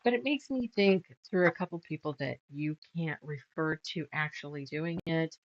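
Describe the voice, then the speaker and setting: A middle-aged woman with a deep voice chats casually at normal speed while quilting, rambling through stories, trailing off and laughing at herself. The sound is dry with no echo, and the highs are cut off.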